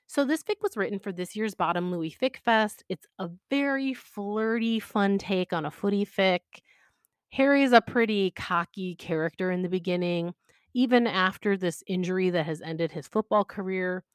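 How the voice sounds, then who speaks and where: A woman's voice: medium pitch, normal speed, clear, resonant tone, no room sound, studio quality. A woman hosting a podcast, casually and enthusiastically recommending stories. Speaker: podcast host.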